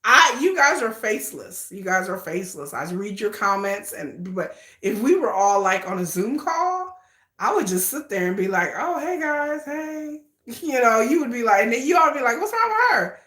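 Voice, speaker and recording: Woman livestream host, very lively bright voice, echoey room. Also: medium pitch, moderate pace. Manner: animated, laughing, gushing, acts out quotes. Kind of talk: casual livestream chat.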